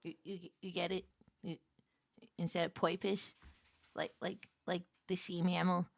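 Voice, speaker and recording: A woman streamer chatting casually and joking, swinging between loud squeals and quiet murmurs. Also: lowish voice, flat delivery, unhurried, creaky, no echo. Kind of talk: casual live-stream chat.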